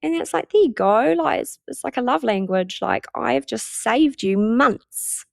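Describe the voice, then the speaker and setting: A woman's voice: fairly high pitch, moderate pace, gravelly, faint music behind. A woman hosting a solo podcast, talking in a chatty, candid way and swearing casually. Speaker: podcast host.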